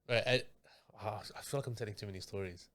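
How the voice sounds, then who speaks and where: Animated man telling stories. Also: lowish voice, fast talker. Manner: animated storytelling with slang. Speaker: podcast host. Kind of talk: casual chat.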